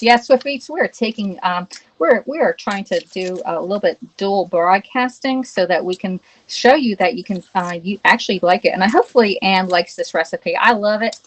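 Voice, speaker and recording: A woman's voice: mid-range voice, moderate pace, fairly bright tone, poor audio. A woman hosting a live cooking demo from her home kitchen, chatting to viewers, reading their comments and checking in with "okay?" as she works. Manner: greets viewers and reads chat aloud. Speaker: cooking livestream host.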